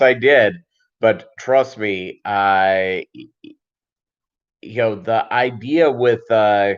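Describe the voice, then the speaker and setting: Male stream host, lowish voice, rambling and filler-heavy, dull lo-fi audio. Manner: rambling, many fillers and pauses, reads chat aloud. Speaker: livestream host. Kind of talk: casual livestream chat.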